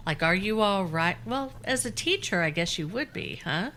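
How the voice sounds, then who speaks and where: A woman's voice: mid-range voice, animated, moderate pace, fairly bright tone, slight background noise. A woman co-hosting a casual interview, chatty and laughing often. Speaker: co-host.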